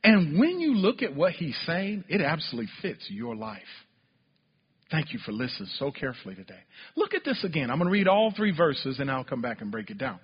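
Male preacher, high animated voice, dull lo-fi sound, long church-hall reverb, calls for congregation responses. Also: a little fast, husky. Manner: builds to fervent near-shouting when retelling scripture. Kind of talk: sermon.

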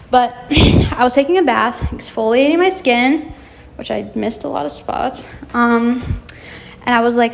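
A woman's voice: on the high side, gravelly. A young woman hosting her own podcast, talking casually and frankly, full of "like" and swearing, slightly out of breath as she moves around her home cleaning. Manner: chatty, frank, lots of "like" and swearing. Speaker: podcast host.

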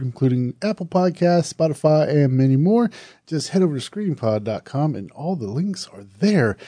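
A man's voice: a little high, warm tone, dry recording, studio quality. A man with a Southern US accent hosting a horror podcast, talking casually and correcting himself as he goes. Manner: chatty, self-correcting, loose and conversational. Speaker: podcast host. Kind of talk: casual solo podcast talk.

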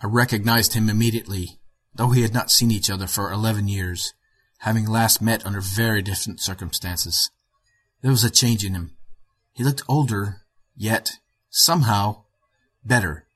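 A middle-aged man narrating a short story in a measured, even way with a husky voice. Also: on the low side. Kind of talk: audiobook narration.

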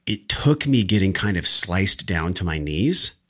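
A man with a very deep voice hosts a podcast, reflective and motivational in tone. His sound carries a bright, forceful edge. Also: big pitch swings, unhurried. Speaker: podcast host. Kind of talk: casual podcast conversation.

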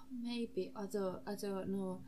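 A woman voicing an earnest, awkward bard who speaks hesitantly and croons drawn-out silly song lines. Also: medium pitch, steady tone, warm tone, slight background noise.

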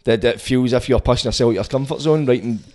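Male podcast host, relaxed, chatty. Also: medium pitch, fast talker. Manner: relaxed, laughing, short agreeing replies. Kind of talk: casual podcast chat.

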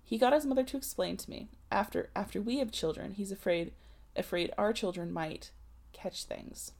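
A distraught young unmarried woman from an old novel, weary and defiant, breaking into pleading anguish. Her voice carries a gravelly fry, as a woman reader acts her out. It sounds like a storybook read aloud. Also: medium pitch, lively intonation, moderate pace, darkish tone.

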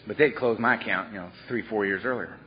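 A man telling stories at a recovery workshop, animated and blunt with salty language. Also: fairly low pitch, fast talker. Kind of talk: storytelling talk. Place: workshop room. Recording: dull lo-fi workshop recording.

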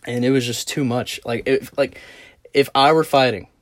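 Young man, casual monologue, rambling, swears a lot, filler-heavy, mid pitch, dry close sound. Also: steady tone, normal speed, dry recording. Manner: rambling, profane, lots of "like" fillers. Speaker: vlogger.

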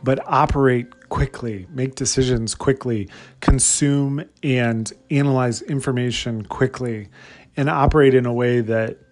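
Energetic man giving motivational talk. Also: medium pitch, unhurried. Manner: energetic, rhetorical questions, coaching tone. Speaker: podcast host. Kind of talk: motivational solo podcast talk.

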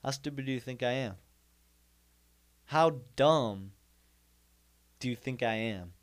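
A man's voice: medium pitch, takes it slowly. A young man telling a comic story in a rambling monologue, repeating himself and making mock-indignant asides. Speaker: comedian host.

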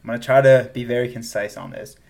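A Southern-accented man co-hosting a casual podcast. He talks in an animated way, laughs often, and trails off and restarts as he goes. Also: mid-range voice, fast, gravelly. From American South. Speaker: podcast co-host. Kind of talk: casual chat.

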